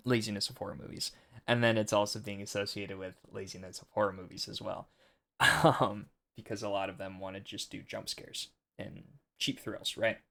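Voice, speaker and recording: Young male commentary host: gravelly, lowish voice, earnest and preachy, rambles. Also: fairly bright tone. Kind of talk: casual commentary monologue.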